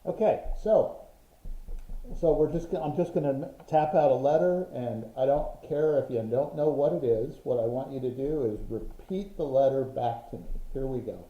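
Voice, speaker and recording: A man's voice: medium pitch, moderate pace. A man teaching an online Morse code class, patient and methodical, sounding out rhythms with his voice. The sound is roomy and a bit dull, like a lo-fi video call. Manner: patient, explains with examples and rhythmic vocal sounds.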